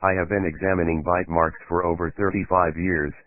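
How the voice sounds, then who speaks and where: A man's voice: low-pitched, flat delivery, lightly acted. A man reading a detached forensic dentist. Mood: matter-of-fact. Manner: measured, matter-of-fact testimony. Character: detached male forensic dentist expert witness. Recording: tinny phone-like dry sound.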